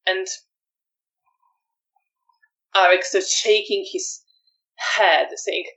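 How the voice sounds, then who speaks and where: A woman narrating a tabletop vampire game as storyteller, measured and hesitant. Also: fairly low pitch, lively intonation, fairly bright tone, far from the mic, rough recording.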